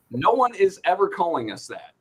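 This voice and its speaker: A man's voice: high-pitched, husky. A male show host ranting in casual chat, joking and swearing freely.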